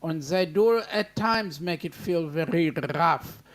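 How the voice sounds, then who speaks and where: Jovial guy in a broad mock German accent, as a man hams it up, slow and higher-pitched. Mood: teasing. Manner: hammy exaggerated German accent.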